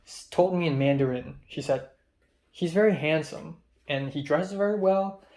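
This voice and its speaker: A young man, a native Cantonese speaker, with a slightly higher-pitched voice. He rambles through his story in a casual vlog style, filling pauses with ums and restarting sentences as he goes. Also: dark tone. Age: young adult. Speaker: vlogger.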